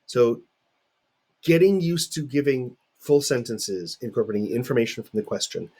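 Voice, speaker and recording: A man's voice: medium pitch, moderate pace, a little mellow, slightly rough. A middle-aged man teaching in a recorded video lecture, talking conversationally and putting questions to his students.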